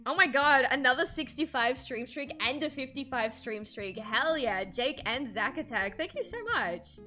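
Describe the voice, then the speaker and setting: Bright-voiced woman streamer ranting. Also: sits high, moderate pace, soft background music. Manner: animated, swears freely, frequent laughs. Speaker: streamer and artist. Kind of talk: casual livestream chat while drawing.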